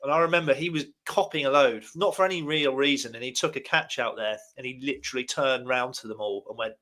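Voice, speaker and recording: A chatty man on a podcast who laughs easily and reacts with enthusiasm. He speaks at a middle pitch in a relaxed, conversational way. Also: quick pace. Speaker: podcast co-host, former cricketer. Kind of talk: casual chat.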